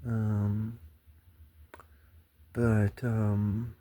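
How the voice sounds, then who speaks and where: A man's voice: fairly low pitch, monotone, extremely slow, dark tone. A man hosting his own show, talking in a rambling, wandering monologue full of sighs, swearing and fillers.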